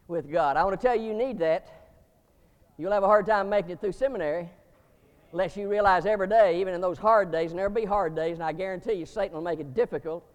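A man preaching a sermon to seminary students, emphatic, with sudden rising bursts and slow stressed words. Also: sits high, a little mellow, long reverb tail.

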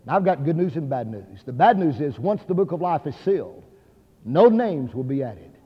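A man's voice: fairly high pitch, lively intonation, normal speed, breathy edge. A man preaching a sermon, telling a story in an earnest, dramatic way. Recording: dull sound, hall reverb.

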